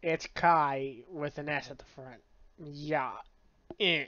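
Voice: mid-range voice, fairly even intonation, slow pace, pushed and bright, muffled recording. A book reviewer in a casual review, rambling with many fillers and frequent swearing. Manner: rambling, filler-heavy, profane.

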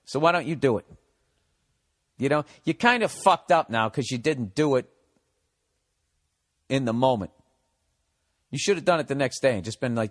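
A man's voice: medium pitch, animated, moderate pace, pauses often, no room sound. A man in his forties from the United States, hosting a comedy podcast in a blunt, profane, ranting monologue, giving advice. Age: 40s. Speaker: podcast host.

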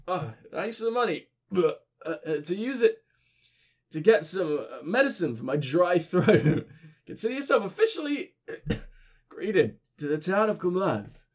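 A man's voice: high-pitched, big pitch swings, a little slow, breathy edge, exaggerated voice. A man voicing a shambling, drunken male town greeter with a slurred voice, reading game dialogue aloud. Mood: tipsy, rambling.

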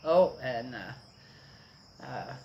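A woman's voice: a bass voice, lively intonation, drawn-out words, mellow, muffled recording, a little hiss or hum. An older woman chatting casually outdoors to her viewers, rambling on and checking in with her listeners as she goes. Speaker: vlogger. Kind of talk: casual morning chat.

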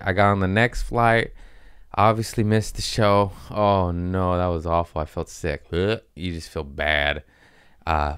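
A young man hosting a podcast, telling stories in a casual, profane, animated way and laughing at his own jokes. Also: deep voice, clean tone, dry recording, clean studio sound. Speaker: podcast host. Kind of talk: casual storytelling monologue.

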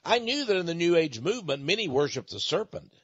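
A man preaching in an impassioned monologue, emphatic and prone to halting repetitions. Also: on the high side, very animated, a bit bright, slightly rough, muffled recording. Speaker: radio preacher.

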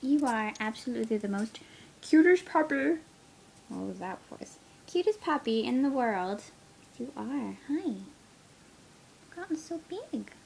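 A woman's voice: fairly high pitch, animated, measured pace, vocal fry, slight background noise, rough recording. Woman cooing baby talk to her puppy. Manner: cooing sing-song with soft whispers. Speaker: pet owner filming her puppy.

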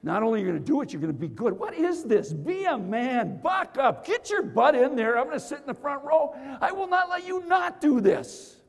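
A man putting on the voice of a bossy woman colleague who shouts at him to get in there and do it. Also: high voice, expressive, very fast, gravelly, hardly any pauses, husky, heavily acted. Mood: bossy, rousing. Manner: shouting, pushy. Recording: long hall reverb.

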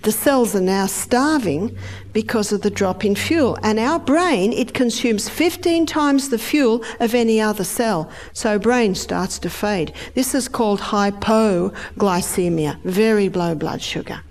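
A middle-aged woman giving a lively health lecture, acting out the body's organs in high, excited voices. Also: measured pace.

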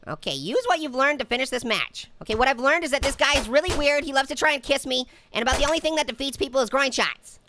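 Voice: high-pitched, pushed and bright, a little hiss or hum, full character voice. A performer voicing a cheeky, hyper male cartoon orange who narrates a comedic VR boxing playthrough, taunting and cackling constantly. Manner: taunting, giggly, constant cackling laughs and wisecracks. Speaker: gameplay commentator.

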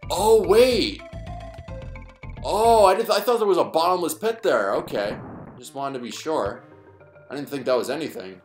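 A man's voice: fairly low pitch, vocal fry. A man commentating a gameplay video in a rambling, self-deprecating way, thinking aloud as he plays. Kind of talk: let's play commentary. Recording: echoey room with game music.

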